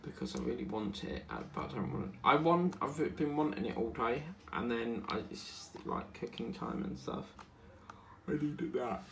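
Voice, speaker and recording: Tired, gravelly man chatting. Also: mid-range voice, sing-song, normal speed, few pauses, a bit bright, slight background noise. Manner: rambling, chatty, hums and sings to himself. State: tired, yawning. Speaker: diamond painting channel host. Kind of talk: casual chat while crafting. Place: home at a craft desk.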